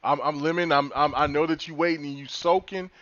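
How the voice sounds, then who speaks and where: A man hosting a casual gaming podcast, excitable and teasing, often repeating himself as he talks over an online call. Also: a little high, fairly quick, muffled recording, over a noisy crowd. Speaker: podcast host.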